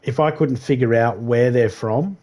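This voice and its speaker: A man's voice: medium pitch, normal speed, a little mellow. A man chatting casually with his viewers while streaming a game, rambling and laughing often. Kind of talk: casual live-stream chat.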